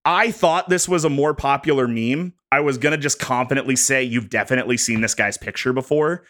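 A man on a podcast walking co-hosts through prepared bullet points in a jokey, animated way. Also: medium pitch, a little fast. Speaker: podcast host presenting research. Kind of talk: casual podcast chat.

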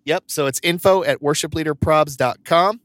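A man co-hosts a podcast in relaxed, casual chat, telling funny stories and often breaking into laughter. His voice sits in a middle register, and the sound is dry and close. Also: fairly high pitch, moderate pace, no room sound. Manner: chatty storyteller, laughs often. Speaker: podcast co-host.

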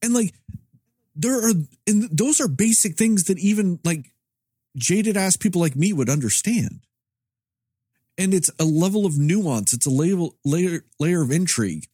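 A man talking about a film in an animated, joking way, his pitch swinging widely as he acts out little scenes. The sound is dry and close, with no room echo. He curses freely and stays in a relaxed, casual mood. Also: unhurried. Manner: animated storyteller acting out customer and server; profane, comedic. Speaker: movie discussion co-host. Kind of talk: casual chat.

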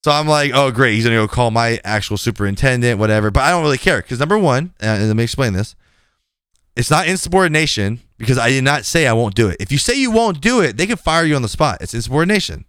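A man's voice: a little high, very animated, fast talker, a bit bright, smooth, no room sound, studio quality. A male podcast host in casual chat, telling a story bluntly and animatedly, acting out the quoted lines and swearing now and then.

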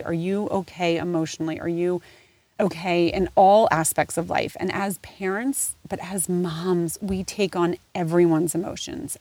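A woman's voice: lowish voice, darkish tone, no echo. A woman in her forties hosting a casual personal podcast, talking candidly and emotionally about family, swearing freely and rambling with restarts. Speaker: podcast host.

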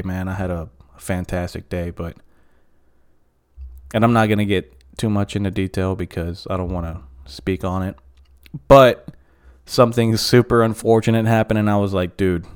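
Guy ranting on his own podcast, swears a lot, rambles, kinda low voice, smooth sound. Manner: profane, rambling, frequent fillers. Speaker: podcast host. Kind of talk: casual solo podcast rant.

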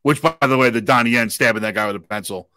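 A man's voice: mid-range voice, fast talker, sharp tone, no echo, studio quality. A man co-hosting a podcast, chatting casually and animatedly about action movies, swearing now and then. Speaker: podcast co-host.

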